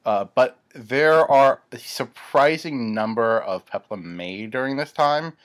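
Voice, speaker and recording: Slow-talking man co-hosting a podcast. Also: medium pitch. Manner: slow, thoughtful, hesitant with fillers. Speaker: podcast co-host. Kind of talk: casual podcast chat.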